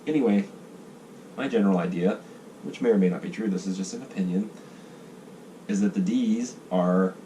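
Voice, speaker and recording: A man's voice: low-pitched, dark tone. A man from the United States, talking casually in a rambling monologue, swearing and acting out the voices of groups. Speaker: vlogger sketching ideas. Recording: distant mic with faint noise.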